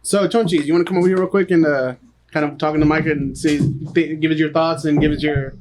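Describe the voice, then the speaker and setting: Stammering young man, slightly high voice. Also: steady tone, fast talker, noisy background. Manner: stammering restarts, laughs often. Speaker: podcast co-host. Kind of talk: casual chat.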